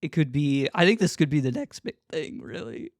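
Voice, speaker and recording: A man's voice: fairly high pitch, animated, normal speed, creaky, no room sound. Rambling, laughing podcast guy, dry sound. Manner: rambling, laughing often, playful. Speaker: podcast co-host. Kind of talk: casual chat.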